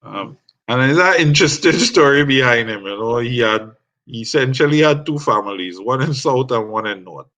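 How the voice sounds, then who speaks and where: A Trinidadian man, a guest musician, telling his story in a measured, reflective way. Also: medium pitch, expressive, bright, forceful tone. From Trinidad and Tobago. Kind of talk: storytelling interview.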